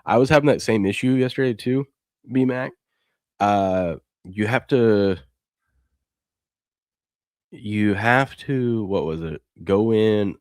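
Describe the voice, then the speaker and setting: Deep-voiced man chatting on a sports stream. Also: slow, long pauses, dry recording, studio quality. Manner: reads viewer chat aloud, rambling and excitable. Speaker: sports show co-host. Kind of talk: casual live-stream chat.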